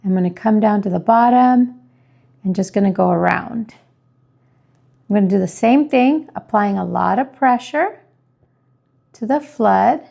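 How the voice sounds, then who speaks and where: A woman calmly explaining each step of decorating a cookie with icing as she works. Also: medium pitch, measured pace, creaky, pauses often. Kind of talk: step-by-step tutorial narration.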